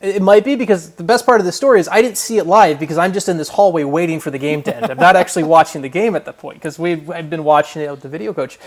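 A man's voice: on the high side, fast talker, few pauses. Rambling man telling a hockey story. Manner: rambling, many restarts, laughs while telling. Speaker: guest hockey reporter. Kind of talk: casual podcast storytelling.

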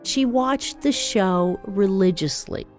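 A woman telling a personal family story in an animated, wry way. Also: medium pitch, slow, faint music behind.

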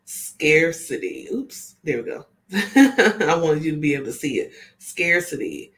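Reading oracle cards live from a camera on a tripod under a ring light, this woman keeps things casual and chatty, often checking in with her audience. Her low voice is very animated, a touch bright, and unhurried.

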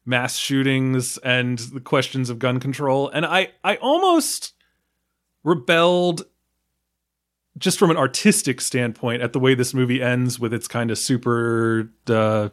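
A man's voice: mid-range voice, unhurried. A man from the United States talking casually about a film, rambling with many fillers, restarts and small laughs. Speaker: film podcast guest.

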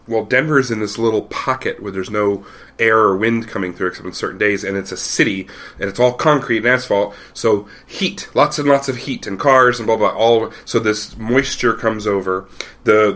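Low-voiced man rambling as podcast host. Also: a bit bright. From Colorado and Ohio, USA. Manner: rambling, lots of fillers and restarts. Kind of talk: casual chat.

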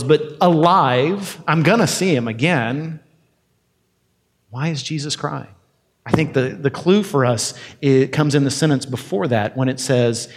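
A man's voice: fairly high pitch, in a large hall. A man preaching a sermon as pastor, talking conversationally and acting out quoted lines.

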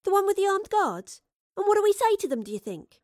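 A woman voicing a wary, nimble young woman who speaks in a hushed, skeptical way. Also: extremely high pitch, sing-song, brisk, dry recording, clean studio sound, voice pushed up.

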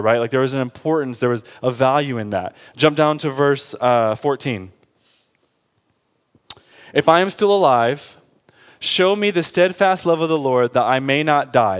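A young adult man preaching a sermon, reading scripture aloud and then explaining it in casual asides. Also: a little high. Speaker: pastor. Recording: hall reverb.

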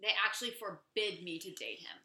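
A young woman co-hosting a podcast, chatting casually and telling stories with animated energy. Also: fairly low pitch, fairly quick, echoey room. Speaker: podcast co-host.

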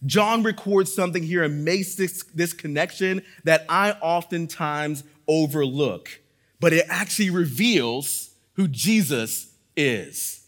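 Man, pastor, sermon, earnest and emphatic, slightly high voice. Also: slow, fairly bright tone. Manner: earnest, emphatic preaching with repeated phrases.

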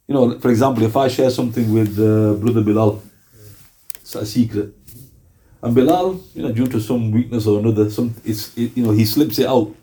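A man with a British accent and a mellow, mid-range voice gives a conversational sermon as an Islamic preacher. He often asks his audience questions.

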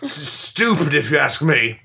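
A man's voice: on the high side, big pitch swings, moderate pace, creaky, bright, forceful tone, husky, heavily acted. A man putting on a pompous golf "expert". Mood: lecturing. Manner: pompous, rambling, swearing. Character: blustering self-styled male golf expert. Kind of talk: improvised comedy character.

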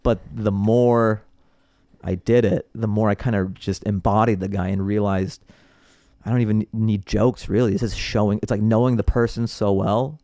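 A man with a fairly low voice tells stories on a podcast, loose and animated, breaking into laughter between phrases. The recording is dry and close, with no room sound. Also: normal speed, no room sound. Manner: animated, laughs often mid-sentence. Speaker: comedian guest. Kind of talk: casual podcast storytelling.

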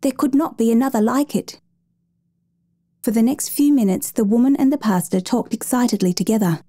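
A woman reading a story aloud in a measured, gentle storytelling manner. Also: mid-range voice, no room sound. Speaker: narrator. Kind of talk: scripted story narration.

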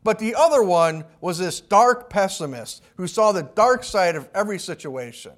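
High-voiced man preaching a sermon. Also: animated, normal speed. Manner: storytelling with acted-out quotes and restarts. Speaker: pastor.

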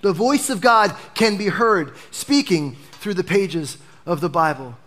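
Animated male pastor preaching a sermon. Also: high-pitched, unhurried. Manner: animated preaching, dropping to a hush for emphasis.

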